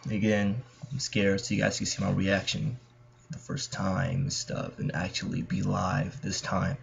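A young man with a Californian accent, who hosts a gaming channel, nervously chats to viewers while playing through a horror game. His voice is deep and monotone with vocal fry, at a normal speed, and he comes across jittery and talkative. A dull lo-fi mic captures him.

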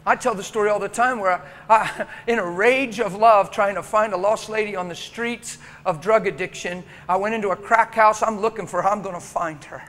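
A man's voice: high voice, moderate pace, hardly any pauses. A middle-aged male pastor telling a story in a sermon, acting out the dialogue with emotion. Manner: animated, acts out dialogue, emotional. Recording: reverberant hall with faint noise.

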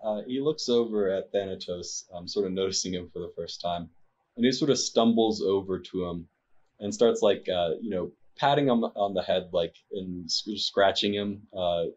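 A low-voiced man narrates a tabletop game as its game master, often pausing on fillers. His mic sounds dull and lo-fi. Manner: hesitant, filler-heavy narration.

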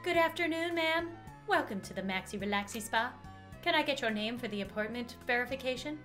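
Woman doing a soft, apologetic spa receptionist. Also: a little high, expressive, brisk, soft background music. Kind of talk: game dialogue read aloud.

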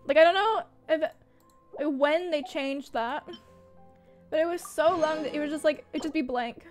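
A woman's voice: high-pitched, measured pace, faint music behind. A young woman streamer chatting casually to herself while playing a game, swearing when she loses. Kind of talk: casual gaming livestream chat. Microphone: desk mic, wearing headphones.

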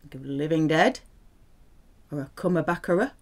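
A woman's voice: low-pitched, normal speed. A woman teaching French vocabulary, speaking patiently and repeating words with careful pronunciation. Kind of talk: vocabulary lesson.

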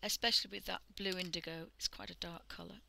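Woman, from the UK, art stream host, half-whispered chatty demo, gravelly, sharp bright tone. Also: fairly low pitch, steady tone, fast talker, slight background noise, low-quality recording. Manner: soft, often half-whispered while working, chatty with fillers. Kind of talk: casual drawing demonstration.

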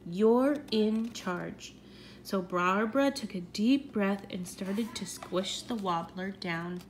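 A woman reading a children's storybook aloud in an expressive, animated way. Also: medium pitch, a little slow, a little hiss or hum.

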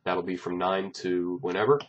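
A bassist talks casually to his fans in a low, slightly husky voice, rambling through his plans with jokes and plenty of ums. The recording is dull and lo-fi, with muffled highs. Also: level tone, moderate pace. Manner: rambling, joking, many fillers. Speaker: bassist announcing gigs. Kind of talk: casual chat to camera.

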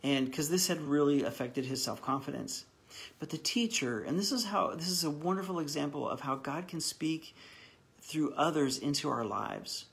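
A man's voice: on the high side, gravelly, a bit bright. A pastor leading a live online Bible study in an earnest, encouraging, heartfelt way, often stopping and restarting his sentences. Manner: halting with frequent restarts.

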